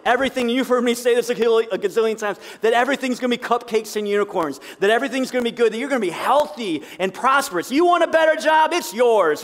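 A middle-aged pastor preaching a sermon, swinging between loud emphatic lines and hushed asides. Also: male voice, high voice. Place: church sanctuary. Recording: long reverb of a church hall.

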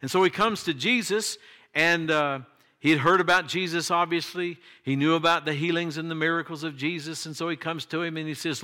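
A man preaching a sermon, emphatic, his voice jumping high when he quotes cries and pleas. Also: fairly even intonation, brisk, sharp tone. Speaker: pastor.

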